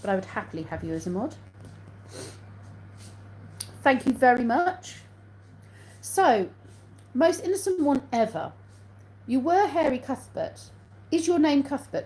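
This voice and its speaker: A woman's voice: medium pitch, mellow, slight background noise, rough recording. An English woman hosting a casual live stream on her phone, reading out viewer comments, answering them and laughing often. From England.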